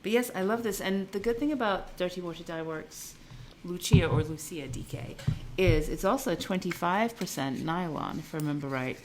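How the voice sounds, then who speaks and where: Female co-host, deep-ish voice, chatty and giggly, loose unfinished sentences. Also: expressive, brisk, hardly any pauses, slight background noise. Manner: chatty, laughs often, trails off mid-sentence. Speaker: podcast co-host. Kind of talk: casual chat. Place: yarn shop. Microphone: recorded on camera.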